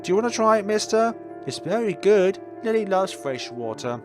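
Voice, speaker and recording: Man putting on a squeaky little girl. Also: sing-song, normal speed, music in the background. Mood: cheerful. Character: small frightened little girl, timid and eager.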